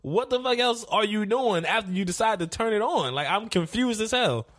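A man's voice: high voice, animated, moderate pace, a bit bright. A man co-hosting a casual podcast, blunt and profane, teasing his co-host. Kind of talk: casual chat.

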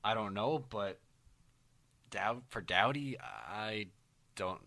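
A man co-hosting a podcast in a casual, slightly hesitant way. His voice is on the low side but bright and forward, and it sounds dry and close to the mic. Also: animated, slow, vocal fry, dry recording. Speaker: podcast co-host. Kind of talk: casual sports chat.

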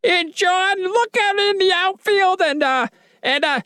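A woman's voice: extremely high pitch, measured pace, bright, forceful tone, pitched above the performer's own voice, exaggerated voice. A man doing an impression of a female baseball radio announcer who drags her words out longer than needed. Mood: drawling. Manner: stretches words out too long.

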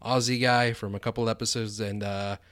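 A man's voice: on the low side, level tone, a little fast, a bit bright, no room sound. A man co-hosting a fantasy football podcast in casual chat, teasing and laughing often. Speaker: podcast co-host.

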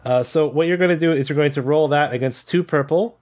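A man's voice: fairly high pitch, quick pace, darkish tone. A man acting as game master, patiently explaining dice rules in a casual way.

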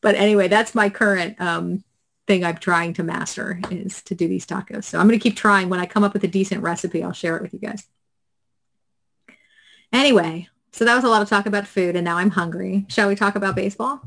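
Lady cohost on a podcast, chatty and easygoing, laughs a lot, mid-pitch voice. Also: steady tone, a little fast, vocal fry, fairly bright tone. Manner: chatty, laughs easily, self-deprecating. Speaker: podcast co-host. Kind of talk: casual podcast chat.

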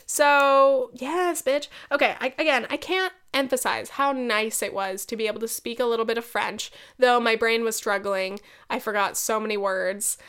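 Chatty young woman podcaster, higher voice. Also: fairly bright tone, clean tone. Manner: chatty, lots of "like" fillers, swears, laughs often. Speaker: podcast host. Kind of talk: casual solo podcast chat.

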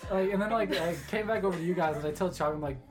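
A man's voice: sits high, rapid-fire. A young man co-hosting a casual chat with friends, rambling and filling with "like". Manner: rambling, filler-heavy with many "like"s. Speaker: podcast co-host. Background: music.

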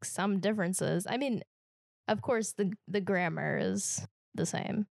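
Slow, thoughtful woman co-host. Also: medium pitch, animated, vocal fry, no room sound, studio quality. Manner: slow, thoughtful, questioning, with frequent "like". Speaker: podcast co-host. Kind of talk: casual chat.

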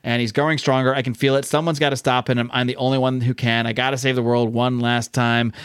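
A man quoting the lines of a grim, weary old male spy chief in a comic recap, in a flat matter-of-fact way. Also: medium pitch, quick pace, clean tone, dry recording, studio quality, close to an everyday voice.

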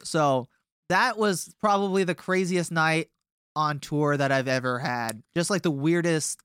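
A man's voice: fairly high pitch, a little slow, fairly bright tone, clean tone, dry recording, studio quality. A young man in a band chatting casually as a guest, rambling through a story with lots of filler words. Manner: rambling, many fillers and restarts. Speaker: touring band member, guest.

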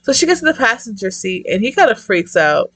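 A young woman reviewing a manga in casual chat, excitable, swearing a lot and rambling off-topic. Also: mid-range voice, brisk, no room sound.

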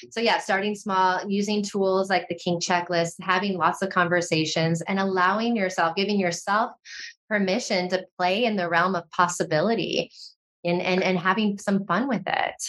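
A woman talking as a podcast guest in a casual, animated way, often saying "like". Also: mid-range voice, moderate pace. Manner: animated, frequent fillers like "like".

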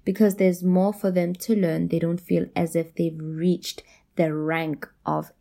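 A woman's voice: on the low side, level tone, measured pace, creaky, dark tone. A woman hosting a solo self-help podcast, talking casually and encouragingly, repeating phrases for emphasis and laughing often. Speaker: podcast host.

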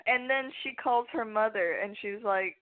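A woman's voice: a little high, unhurried. A woman co-hosting a casual podcast, rambling through a favorite scene from a TV show and quoting the characters and her own reactions. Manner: rambling, conversational retelling with quoted reactions. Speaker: podcast co-host. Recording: phone-like narrow sound.

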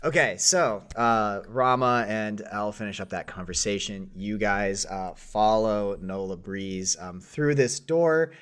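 A man's voice: fairly low pitch, measured pace, few pauses, a bit bright, clean tone. A man narrating a tabletop role-playing game as game master, rambling with many fillers.

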